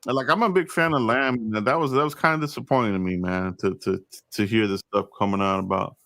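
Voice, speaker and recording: A man's voice: lowish voice, fast, a bit bright, no room sound, clean studio sound. A man hosting a casual sports podcast, loose and chatty, laughing often and restarting his sentences. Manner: loose, laughing, stammering restarts, hype asides. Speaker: podcast host.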